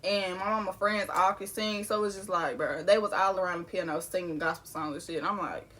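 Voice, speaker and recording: A woman's voice: on the low side, fairly quick, a bit bright. A young woman, telling a personal storytime to her viewers in a casual, candid way, laughing now and then. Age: young adult. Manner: casual and candid, laughing through grief, addressing viewers as y'all. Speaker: vlogger. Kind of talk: storytime vlog.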